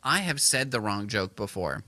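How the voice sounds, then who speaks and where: A man's voice: lowish voice, normal speed, no echo. A man co-hosting a comedy podcast, telling rambling stories in casual chat with lots of fillers. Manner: rambling, animated storyteller with many fillers. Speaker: podcast co-host.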